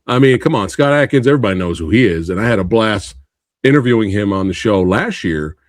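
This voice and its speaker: Lively, excitable male podcast host. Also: on the low side, quick pace, no echo, clean studio sound. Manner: excitable, laughs often, calls guest bro and dude. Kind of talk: casual interview chat.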